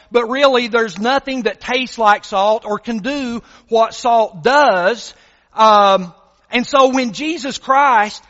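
A man's voice: extremely high pitch, a bit bright, long reverb tail, highs cut off. A man preaching a sermon as pastor, emphatic and full of rhetorical questions to his congregation.

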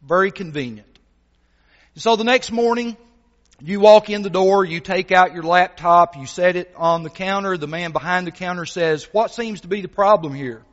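A man preaching a sermon as a visiting gospel preacher, earnest and animated as he tells a story, with many fillers. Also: sits high, moderate pace. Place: church hall. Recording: dull sound, long church reverb.

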